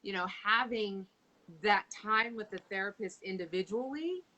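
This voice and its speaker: A woman's voice: mid-range voice, moderate pace, pushed and bright, muffled recording. A woman co-hosting a casual conversation, joking, swearing freely and acting out exasperated quotes. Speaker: co-host.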